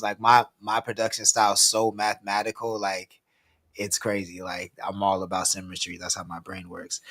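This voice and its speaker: A man's voice: fairly low pitch, bright, forceful tone. A man hosting a casual music review livestream, laid-back and laughing often, swearing freely and reading viewer comments aloud. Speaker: host of a music review stream.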